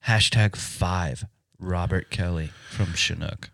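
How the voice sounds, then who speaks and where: A man hosting a podcast, steering the questions in a relaxed, upbeat way. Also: deep voice, slow pace, creaky, dry recording, studio quality. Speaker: podcast host. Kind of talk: casual chat.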